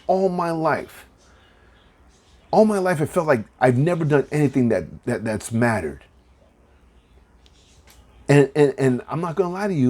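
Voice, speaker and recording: A man in his thirties talks alone into his podcast mic, earnest and emotional, stumbling over repeated words. His voice is gravelly, dark and a little husky, and it is close to breaking. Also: a little high, sing-song, normal speed, long pauses. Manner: earnest, repeats words when starting sentences. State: emotional, near tears. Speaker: podcast host. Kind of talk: heartfelt solo podcast rambling.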